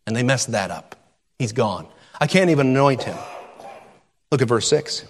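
A male pastor delivering a sermon, reading scripture and explaining it in an expressive, conversational teaching manner. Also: mid-range voice, normal speed, big-room sound.

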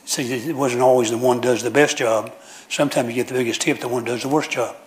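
Man preacher, homespun sermon delivery, repeats and restarts phrases, average pitch, church. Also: steady tone, a little fast. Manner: folksy storytelling with frequent restarts and repetition.

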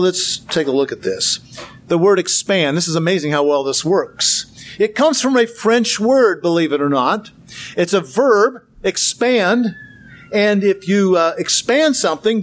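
Chatty man teaching, fairly high voice. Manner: conversational, many fillers and restarts, dry humor. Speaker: Bible teacher. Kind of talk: informal lecture.

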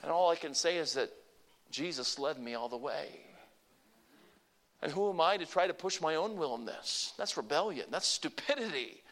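An older man preaching a sermon, emphatic, swinging between hushed and loud passages and calling on listeners to repeat phrases after him. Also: on the high side, expressive, normal speed. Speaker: pastor.

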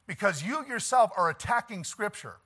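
A man preaching a sermon, swinging from quiet pleading to shouted declarations and chuckling between points. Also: sits high, expressive, moderate pace, husky. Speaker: pastor.

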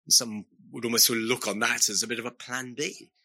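A man preaching a sermon to his congregation, earnest and emphatic, leaning on slow, stressed phrases. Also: mid-range voice, bright, forceful tone.

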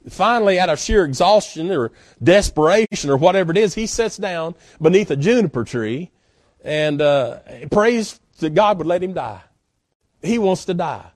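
A man's voice: high voice, darkish tone, no echo, clean studio sound. A male guest pastor preaching a sermon in a folksy, emphatic way, with frequent "uh" fillers. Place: church.

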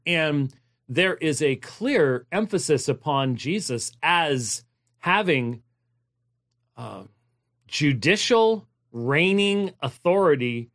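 A man's voice: a little high, fairly bright tone. Man preaching an emphatic Bible exposition. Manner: digressive, with frequent fillers and restarts; emphatic, repeats key phrases. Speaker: pastor. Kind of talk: sermon-style Bible exposition.

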